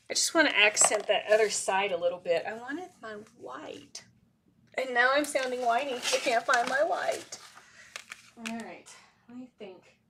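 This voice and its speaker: A woman with a bright, clear voice hosts a live crafting session from her desk. She rambles casually and talks to herself as she works, with frequent laughs. Her tone stays loose and conversational. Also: mid-range voice. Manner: rambling, self-talk while working, laughs often. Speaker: craft live-stream host. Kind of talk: chatty live crafting demo.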